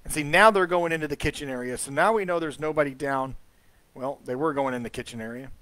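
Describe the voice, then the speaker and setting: A man with a somewhat high voice hosts a laid-back live commentary, talking over ghost-hunt footage. He chats loosely and trails off with ums and uhs. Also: fast, fairly bright tone. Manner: chatty, trailing off with fillers. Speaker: host.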